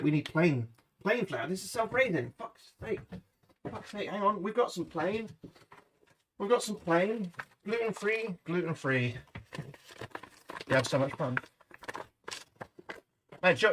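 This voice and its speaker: A man's voice: high-pitched, fairly bright tone, a little hiss or hum. A British man chatting casually to his livestream viewers from his home kitchen, swearing freely as he goes. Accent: British English. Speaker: livestream host. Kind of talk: casual cooking livestream chat.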